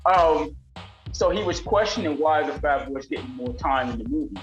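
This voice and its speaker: An older man, a rapper being interviewed, telling animated stories and mimicking voices in casual talk. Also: on the high side, normal speed, lo-fi sound. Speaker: rapper guest. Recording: roomy sound with faint music.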